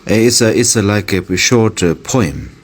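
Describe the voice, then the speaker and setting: A man with a very low, deep voice gives a Buddhist dharma talk. He speaks earnestly, pausing to hunt for the right word and circling back on his phrases. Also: animated, slightly rough. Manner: earnest and searching for words, with pauses. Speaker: Buddhist teacher.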